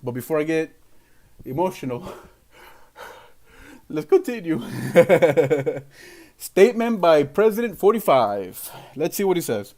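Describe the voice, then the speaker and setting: Male livestream host, slightly high pitch, emphatic rambling political rant. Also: big pitch swings, takes it slowly, long pauses, darkish tone. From Venezuela. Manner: emphatic, rambling, heavy on fillers. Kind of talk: ranting livestream commentary.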